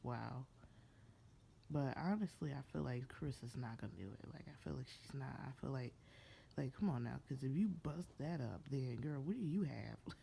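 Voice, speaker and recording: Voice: medium pitch, normal speed, creaky, mellow, a little hiss or hum. A person giving a casual, gossipy recap of a TV episode, slangy and playfully sassy, often breaking into laughter. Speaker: TV show reviewer.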